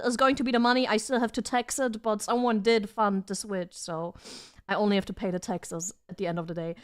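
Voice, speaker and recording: Bubbly high-voiced young woman streamer. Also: clear, resonant tone. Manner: bubbly, giggly, reads chat aloud. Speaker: vtuber streamer. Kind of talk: casual live-stream chat. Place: home desk setup.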